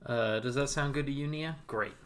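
A man's voice: mid-range voice, moderate pace, a bit bright, slight background noise. A man co-hosting a podcast, chatting casually and rambling with many fillers. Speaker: podcast co-host.

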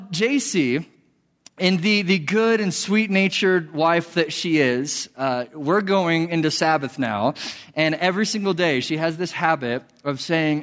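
Candid young pastor in a reverberant hall. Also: male voice, on the high side, fairly bright tone. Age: young adult. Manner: candid, self-mocking, conversational. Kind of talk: casual sermon.

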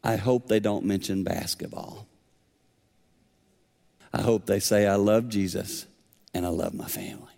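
A very old coach, humble but firm, answers in a low, measured voice. A man puts him on mid-sermon. The words carry with a long reverb, as in a large hall. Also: fairly even intonation, gravelly, darkish tone, natural voice. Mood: calm, stern.

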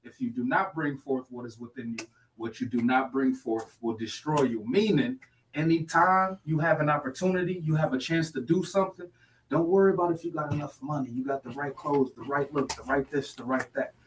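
A man's voice: medium pitch, fairly quick. Guy giving a pep talk on a podcast, kinda far from the mic, faint hiss behind him. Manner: preachy motivational, repeats sayings. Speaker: guest.

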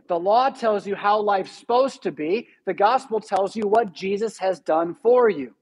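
A man's voice: high voice, lively intonation, a little slow, few pauses, darkish tone, breathy edge, poor audio. A male pastor giving a sermon in a church, teaching steadily and stressing key words. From United States.

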